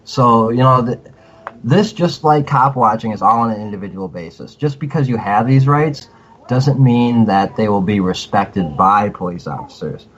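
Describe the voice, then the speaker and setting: A man giving advice as a podcast guest in casual talk, halting and repeating words as he restarts his sentences. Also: lowish voice. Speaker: podcast guest, cop watcher. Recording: dull lo-fi audio with faint noise.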